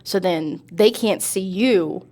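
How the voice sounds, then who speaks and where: A young adult woman co-hosting a casual chat, upbeat and teasing and quick to laugh. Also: fairly low pitch, a little mellow. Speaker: co-host.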